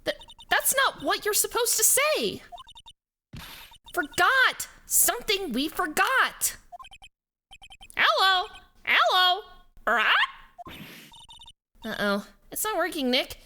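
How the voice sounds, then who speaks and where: Guy putting on a squeaky bright young girl sidekick, slow and singsongy, game music faint behind. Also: very animated, exaggerated voice. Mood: worried. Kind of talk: reading game dialogue aloud.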